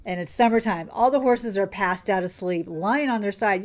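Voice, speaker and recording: A woman hosting a casual gameplay vlog who chats and exclaims as she plays. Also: mid-range voice. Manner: chatty and exclamatory, quick laughs. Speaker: gaming channel host.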